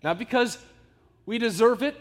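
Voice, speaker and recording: A pastor with a high male voice delivers a sermon. He speaks in an earnest, emphatic way and keeps drawing the congregation in with rhetorical questions. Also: animated, moderate pace, long reverb tail.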